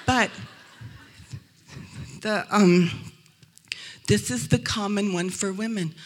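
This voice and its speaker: A woman from Arizona speaks at a Christian event in a hotel room, her voice slightly husky and breathy at a middle pitch. She tells funny stories with energy and acts out every quoted voice as she goes. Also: slow, long pauses. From Arizona, USA. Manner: lively storytelling, acting out quoted voices. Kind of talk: humorous faith talk to a live audience.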